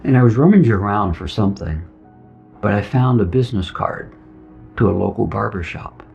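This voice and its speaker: His voice sits on the low side with vocal fry, moving a little fast and swinging hugely in pitch. He's a middle-aged veteran telling his story with real earnestness, voicing the dialogue himself over soft music on a dull lo-fi recording.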